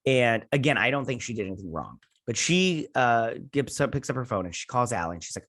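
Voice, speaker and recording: A young man hosting a review channel, retelling a TV episode in an excited, rambling way full of "he's like". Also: mid-range voice, a little fast, few pauses, dry recording, studio quality. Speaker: host and TV reviewer. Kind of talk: casual episode recap.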